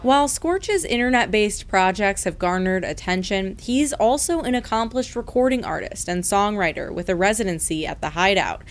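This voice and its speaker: A woman reporter narrates a public radio feature in a measured, even delivery. Her voice sits at a middle pitch. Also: a little hiss or hum. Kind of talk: scripted news narration.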